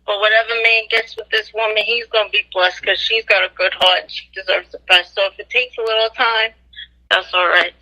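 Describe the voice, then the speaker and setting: Bright, encouraging radio host. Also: medium pitch, fairly even intonation, fairly quick, low-quality recording. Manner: encouraging, supportive. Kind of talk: casual radio interview chat.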